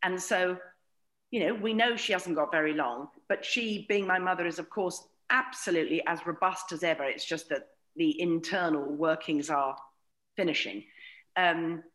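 A woman's voice: on the low side, moderate pace, a bit bright. A middle-aged woman, a comedian guest, telling wry, sweary anecdotes and acting out the voices of others. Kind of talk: anecdotal podcast chat.

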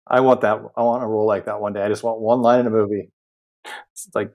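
A man co-hosting a podcast, chiming in with excited asides and frequent laughter. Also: lowish voice, normal speed, pauses often. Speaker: podcast co-host. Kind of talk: casual movie chat.

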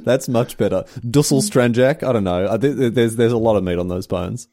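A man's voice: medium pitch, a little fast. An Australian man co-hosting a podcast, chatting casually in a slangy, rambling way and often breaking off mid-phrase. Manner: animated, slangy, rambling with self-interruptions. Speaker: podcast co-host. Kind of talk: casual chat.

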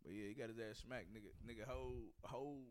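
A man co-hosting a podcast, telling a story in loose, animated chat. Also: mid-range voice, fast talker, a little hiss or hum. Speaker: podcast co-host. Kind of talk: casual chat.

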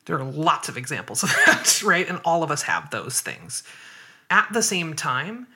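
A woman's voice: sits low, very animated, normal speed, bright, forceful tone. A woman hosting a casual podcast conversation, explaining her views thoughtfully step by step and often checking in with "right?". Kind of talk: casual conversation on body image.

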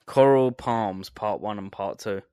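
A podcast co-host chats casually, laughing often and swearing freely. His voice is fairly low, warm, clear and resonant, with a measured pace, captured in a dry recording with clean studio sound.

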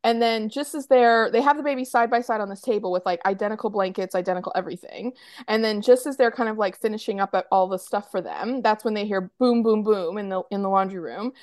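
A woman's voice: mid-range voice, quick pace, a little mellow, no room sound, studio quality. A woman co-hosting a podcast, chattily retelling a TV episode with lots of fillers and acted-out quotes. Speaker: podcast co-host. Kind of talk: casual chat recapping a TV episode.

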